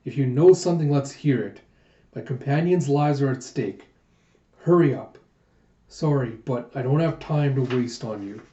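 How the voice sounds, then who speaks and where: A man's voice: mid-range voice, normal speed, dark tone, close to an everyday voice. A man voicing a blunt, impatient young bodyguard who makes curt demands, in a slightly dull, roomy home recording.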